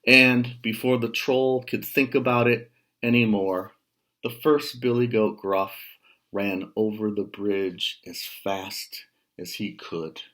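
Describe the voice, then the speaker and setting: A man's voice: fairly low pitch, fairly even intonation, slow, a bit bright. A man from Detroit reading a children's story aloud, stopping now and then to explain what is happening. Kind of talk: storybook read-aloud with asides.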